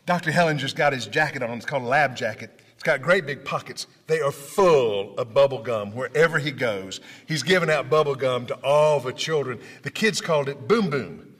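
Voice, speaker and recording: Telling stories to an audience in a hall with long reverb, this motivational speaker from Memphis, Tennessee speaks at normal speed in a mid-range voice. He's dramatic, performing the dialogue and swinging between hushed and loud.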